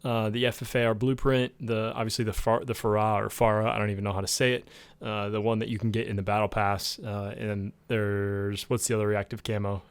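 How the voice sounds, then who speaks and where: A man co-hosting a casual gaming podcast, talking in a rambling way with lots of fillers and getting excited about the game. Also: on the low side, fairly quick, clean tone, no room sound. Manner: rambling, with many fillers and restarts. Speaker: podcast co-host.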